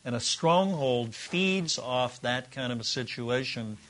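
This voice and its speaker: A man's voice: medium pitch, animated, a little slow, a bit bright. A middle-aged man teaching a relationship course to a group in a room, earnest and conversational, sometimes acting out sample dialogue. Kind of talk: teaching a class to a live group.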